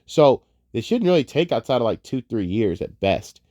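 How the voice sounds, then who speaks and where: A young man ranting casually about movies, profane and heated, wandering off on tangents and swinging between muttering and loud outbursts. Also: medium pitch, big pitch swings, normal speed, dry recording, studio quality. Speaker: online commentator.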